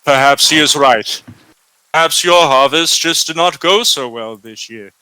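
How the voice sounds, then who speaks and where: A man's voice: a little high, a little slow, bright, forceful tone, a little hiss or hum, low-quality recording. Man playing a stern town guard, firm and placating, tabletop game.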